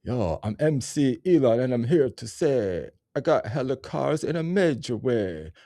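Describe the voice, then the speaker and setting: A man's voice: medium pitch, lively intonation, moderate pace, warm tone, no room sound, clean studio sound, pitched above the performer's own voice, lightly acted. A man putting on a goofy, boastful billionaire voice with a funny accent, at times rapping. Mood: swaggering.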